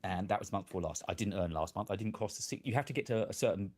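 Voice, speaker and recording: A man's voice: on the low side, racing, a little mellow. A man, chatting casually on his tech live stream from a home desk, self-deprecating and laughing often.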